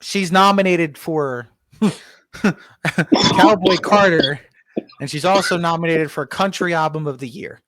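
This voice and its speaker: A man hosting a casual podcast, teasing his co-host with deadpan news. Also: fairly high pitch, unhurried, pauses often, no echo. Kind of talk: casual comedic chat.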